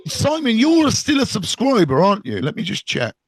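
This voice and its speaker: A man's voice: high-pitched, wildly swooping pitch, moderate pace, husky, no room sound. A middle-aged British man hosting a casual live stream as a recovery mentor, blunt and jokey, swearing freely as he talks. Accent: British English. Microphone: phone live stream.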